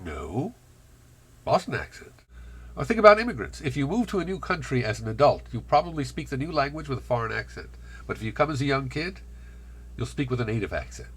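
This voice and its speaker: A man from the Bronx with a carefully trained American accent, talking in a wry, reflective vlog monologue with dramatic pauses. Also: mid-range voice, very animated, slightly rough. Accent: General American, trained over a Bronx childhood accent. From Bronx, New York. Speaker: vlogger.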